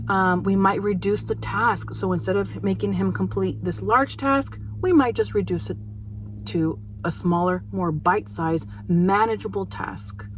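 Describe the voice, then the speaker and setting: An earnest woman in her thirties, working as a behavior analyst, speaks straight to parents in a casual, heartfelt way punctuated by emphatic pauses. Her voice is at an ordinary middle pitch, and a little hiss or hum can be heard.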